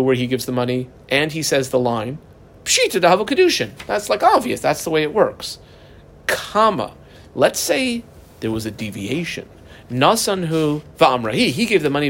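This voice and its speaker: A man teaching a Talmud passage line by line, animated and jumping up in pitch for emphasis. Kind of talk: explaining a text line by line.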